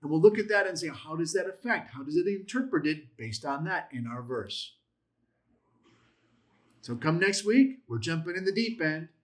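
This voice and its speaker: A man's voice: on the high side, animated, moderate pace. A man teaching a Bible class in a methodical way, listing terms, repeating points and asking rhetorical questions.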